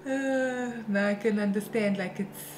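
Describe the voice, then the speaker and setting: A woman's voice: medium pitch, measured pace. A woman chatting casually at home, talking her sister through things in a reassuring way. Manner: warm, reassuring. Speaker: vlogger's sister. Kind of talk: casual chat. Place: home, indoors. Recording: roomy, distant, noisy phone recording.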